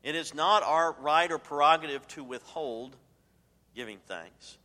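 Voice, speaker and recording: A man preaching a sermon as pastor, emphatic and swinging between loud declarations and hushed asides. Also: fairly high pitch, measured pace, long reverb tail.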